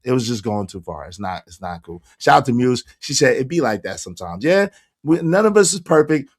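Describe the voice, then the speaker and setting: A hoarse man, hosting a casual livestream and shouting out his viewers by name. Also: medium pitch. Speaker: livestream host reading chat.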